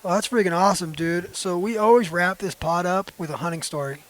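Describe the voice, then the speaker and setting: A man's voice: high voice, fairly quick, low-quality recording. A man hosting a podcast, laid-back and enthusiastic, talking in slangy, casual chat. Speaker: podcast host.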